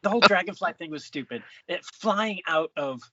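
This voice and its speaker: Lively, halting podcast co-host. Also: medium pitch, dull audio. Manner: hesitant, restarts, exasperated. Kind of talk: casual movie review chat.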